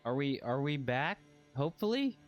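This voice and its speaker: A man's voice: medium pitch, sing-song, normal speed, lo-fi sound, faint music behind. Rambling, swearing male streamer. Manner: rambling, swears casually, restarts phrases. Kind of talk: casual livestream chat.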